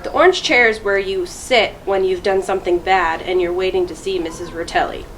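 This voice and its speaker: A woman reading a children's chapter book aloud to students, in a clear, steady storytelling voice. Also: medium pitch, a little fast, a little hiss or hum, poor audio. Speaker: school deputy reading aloud.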